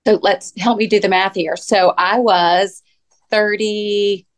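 Woman, 40s, podcast guest; lively storyteller, mid-pitched, casual. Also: slow pace. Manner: animated storyteller, acts out her own past lines. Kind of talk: casual chat.

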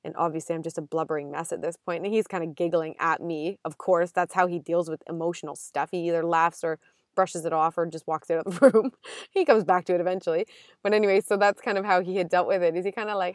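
A young woman talks through a casual solo podcast episode, chatty and emotional, often breaking into quick asides and restarts. Her voice sits a little low for a woman and comes through a close, dry mic with no room sound. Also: steady tone, no room sound. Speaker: podcast host.

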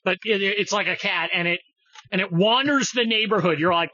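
Profane, lively-voiced male podcast host. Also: high voice, fairly quick, no room sound, muffled recording. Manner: profane, mocking, jumps between topics. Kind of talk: casual ranting chat.

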